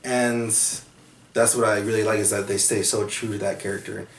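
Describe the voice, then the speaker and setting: A man's voice: on the low side, flat delivery, normal speed, roomy sound, distant mic, slight background noise. A man co-hosting a casual movie chat, earnest and rambling, restarting his thoughts as he goes. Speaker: podcast co-host.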